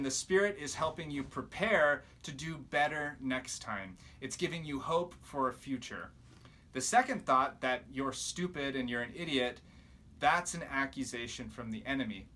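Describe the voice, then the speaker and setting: A man's voice: mid-range voice, sharp tone. A man giving a devotional teaching talk to young people, explaining steadily and earnestly, with emphatic rebukes. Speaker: youth ministry teacher.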